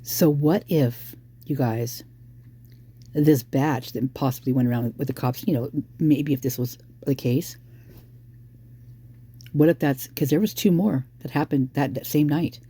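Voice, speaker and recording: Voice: mid-range voice, measured pace, dark tone, breathy edge. A true-crime commentator talking casually and speculatively straight to viewers, addressing them directly.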